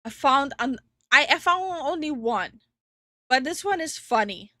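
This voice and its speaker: Young woman streamer, giggly chat host, unhurried delivery. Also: sits high, animated, sharp tone, no echo, clean studio sound. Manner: giggly, greets chat viewers. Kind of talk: casual livestream chat. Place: home streaming room.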